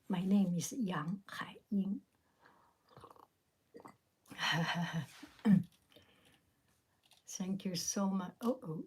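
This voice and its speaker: A middle-aged woman with a Chinese accent talks in a soft, breathy whisper. She speaks very slowly and reflectively while answering a live chat. She is outdoors in a park. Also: medium pitch. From China. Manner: soft, slow, reflective, answers viewer questions. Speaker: livestream host answering chat.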